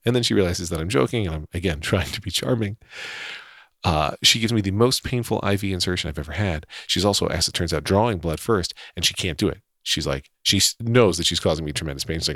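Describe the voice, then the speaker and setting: A man's voice: low-pitched, lively intonation, fast, fairly bright tone, dry recording, clean studio sound. A man casually telling a personal story in a wry, self-deprecating way, chuckling often.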